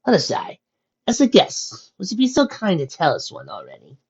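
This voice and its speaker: A reader voicing a warm, motherly female horse ruler who speaks heartily and gently teases, in a muffled lo-fi recording. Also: mid-range voice, huge pitch swings, moderate pace, slightly rough, pitched above the performer's own voice, exaggerated voice. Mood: formal welcome.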